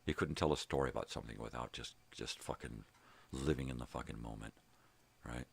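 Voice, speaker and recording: An older man vents in a loose, profane monologue. His voice sits extremely low and is rough with gravelly fry. It has a husky, grainy edge. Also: fairly quick. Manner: profane, heated storytelling. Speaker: vlog host. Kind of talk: casual ranting monologue. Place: home.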